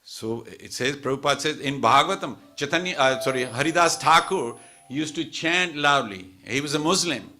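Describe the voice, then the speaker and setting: Bright-voiced man giving a chatty sermon. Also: a little high, lively intonation, normal speed. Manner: chatty storytelling with many asides and restarts. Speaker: temple speaker. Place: temple hall.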